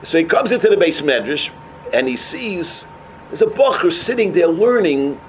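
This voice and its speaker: A man with a giving a sermon as an animated storyteller who mixes in Hebrew and terms. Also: a little high, moderate pace, slight background noise, poor audio. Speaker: rabbi.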